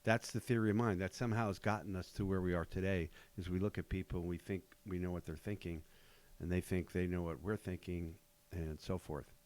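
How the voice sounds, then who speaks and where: A man hosting a podcast, chatting casually with measured, dry humor. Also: low voice, fairly even intonation, a little mellow. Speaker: podcast host.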